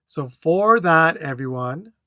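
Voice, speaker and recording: Test-prep instructor, very slow, deliberate, keeps checking in with the class, dry close sound. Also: medium pitch, lively intonation, bright, forceful tone, no echo. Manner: slow, deliberate, checks in with "okay?" after each point; reads a model answer aloud with careful intonation. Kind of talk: speaking test tutorial.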